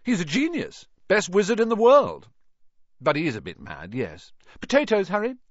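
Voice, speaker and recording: Man putting on a lofty prefect boy, airy, high and bright, dry muffled recording. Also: huge pitch swings, normal speed, dry recording, exaggerated voice.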